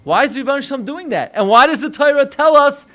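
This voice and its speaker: An American man, a rabbi, preaching a sermon with animated delivery, acting out voices in dialogue. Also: very high-pitched, quick pace. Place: synagogue.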